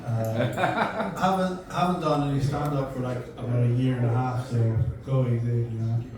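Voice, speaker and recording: A young Irish man with an accent that drifts toward American, doing a rambling, self-deprecating stand-up set in a flat voice. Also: mid-range voice, moderate pace, crowd noise. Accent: mixed Irish and American. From Ireland. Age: young adult. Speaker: stand-up comedian. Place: comedy venue. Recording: echoey room, mic from a distance, audience. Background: audience laughter.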